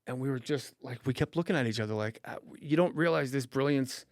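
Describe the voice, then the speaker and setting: A man hosting a comedy podcast, chatting in an animated way, joking and swearing as he tells stories. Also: medium pitch, no room sound, clean studio sound. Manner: animated, profane, quick with jokes. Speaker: podcast host. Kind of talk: casual podcast chat.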